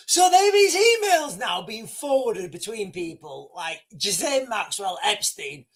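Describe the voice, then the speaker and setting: An excitable man hosting a livestream, reading out breaking news as it comes in. His pitch leaps up and down, though his delivery stays unhurried. He swears a lot and trips over his own restarts. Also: husky. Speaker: livestream host.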